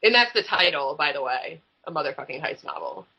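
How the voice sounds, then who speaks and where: A woman's voice: low voice, big pitch swings, brisk, gravelly, sharp tone, slightly rough. A woman, a guest author, chatting casually and animatedly on a podcast, swearing freely. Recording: slightly muffled recording.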